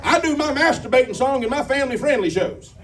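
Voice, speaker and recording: A man's voice: very high voice, expressive, fast talker, noisy background. A man doing stand-up comedy, telling folksy stories, chatting with the crowd and singing a few comic bits. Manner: folksy storytelling, crowd banter. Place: comedy club stage. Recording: distant mic, live crowd and guitar. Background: audience laughter and guitar.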